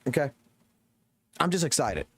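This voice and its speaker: A man, a game streamer ranting excitedly and swearing heavily to his live chat. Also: medium pitch, unhurried, a little hiss or hum. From Southern United States. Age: 30s.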